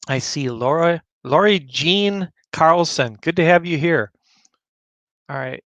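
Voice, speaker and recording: A man hosting a community news livestream, rambling casually as he clicks through a website and greets viewers by name, a bit choked up and clearing his throat. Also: fairly high pitch, fairly bright tone, dry recording. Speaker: livestream host.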